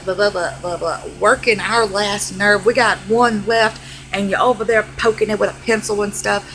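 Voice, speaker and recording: A young woman vents in a sassy, exasperated comic rant, her voice carrying a gravelly, fry-tinged edge. Her pitch sits in an ordinary middle range, and a faint hiss of noise runs underneath. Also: low-quality recording. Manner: sassy, exasperated, animated delivery. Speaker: vlogger. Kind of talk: comedic rant to camera.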